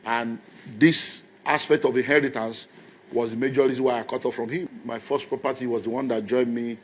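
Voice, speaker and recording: A man, a pastor giving a motivational talk as an animated storyteller who acts out the dialogue. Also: medium pitch, a little fast, slight background noise. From Nigeria.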